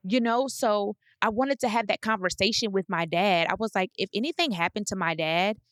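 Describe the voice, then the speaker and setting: Speaking briskly in a medium-pitched, fairly bright voice, this U.S. podcast host in her thirties delivers a casual monologue of blunt, forceful advice. She repeats phrases for emphasis, and the recording is dry.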